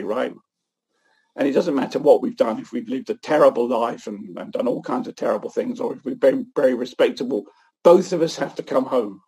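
A man giving an earnest, animated sermon-like talk at a church event. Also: mid-range voice, slightly rough. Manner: earnest, animated, often restarts phrases. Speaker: guest speaker at a church event.

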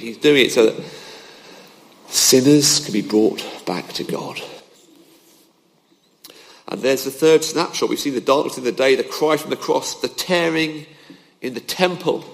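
A man's voice: mid-range voice, unhurried, vocal fry, long pauses. A man preaching a sermon, emphatic, with his voice rising and falling to drive points home. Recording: long hall reverb.

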